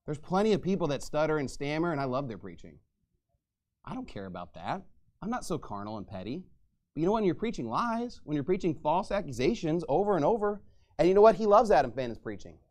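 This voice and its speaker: A man preaching a fiery sermon as pastor, angry and mocking, shouting at times. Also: on the high side, very animated, a little fast.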